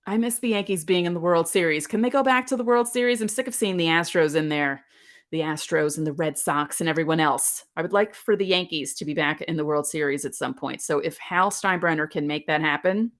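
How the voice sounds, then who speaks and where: Woman, thirties, slightly low voice, casual podcast host, nostalgic chatty storytelling. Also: fairly quick. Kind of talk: casual solo podcast talk.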